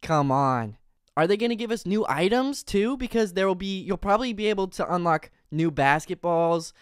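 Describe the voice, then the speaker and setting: Breathless, excitable young man streaming. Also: high voice, normal speed, clean tone, dry recording, clean studio sound. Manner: excitable, rambling, loud bursts of enthusiasm. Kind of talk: excited live reaction stream.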